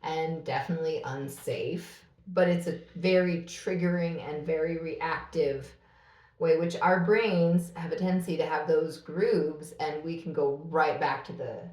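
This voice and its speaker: A woman's voice: deep voice, steady tone, a little slow, a little mellow, reverberant, far from the mic. A middle-aged woman co-hosting a podcast, talking in a blunt, earnest way. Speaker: podcast co-host. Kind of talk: casual conversation.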